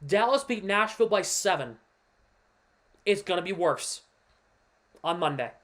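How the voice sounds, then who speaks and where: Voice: medium pitch, expressive, measured pace, fairly bright tone. A livestream host and devoted hockey fan giving casual, emphatic commentary, walking viewers through a play on screen and ranting about the team's losses.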